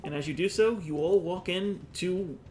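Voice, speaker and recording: A man's voice: high voice, normal speed, a little mellow, slight background noise. A man running a tabletop game as game master, describing scenes with asides and restarts.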